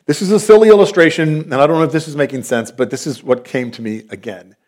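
A man's voice: a little high, fast, darkish tone. A man, preaching a sermon as a pastor in an earnest, conversational, storytelling manner.

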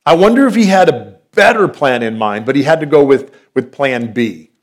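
A man's voice: mid-range voice, lively intonation, normal speed. A man, preaching a sermon as a pastor in an earnest, conversational, storytelling manner.

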